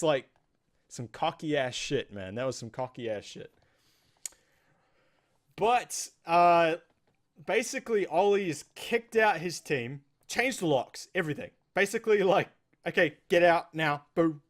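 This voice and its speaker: A man with a New Zealand accent casually recapping a TV episode, rambling and acting out the characters' lines. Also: on the high side. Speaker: host.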